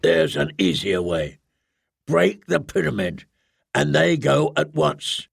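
A man voicing a stern, menacing male commander who booms his threats and speaks with contempt. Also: sing-song, slow, vocal fry, husky, no room sound, studio quality, heavily acted.

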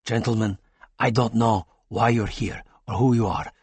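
A man voicing a courtly, composed alien male doctor who speaks softly to patients and formally to intruders. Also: fairly low pitch, moderate pace, breathy edge, dry recording. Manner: soft and soothing to patients, sharp when ordering.

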